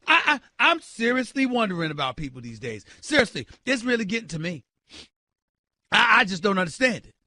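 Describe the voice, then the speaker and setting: A man hosting a sports talk show, ranting loudly and emphatically with incredulous exclamations and direct calls to his listeners. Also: very high-pitched, dry recording. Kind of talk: sports radio rant.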